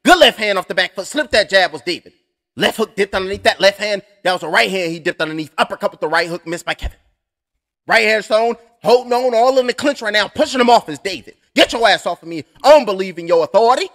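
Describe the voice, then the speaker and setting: A young man calls punches blow by blow and drifts into profane, joking stories. His voice sits high for a man. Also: fast, a bit bright. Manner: rambling, profane, joking asides. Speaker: fight commentator. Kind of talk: live blow-by-blow stream commentary.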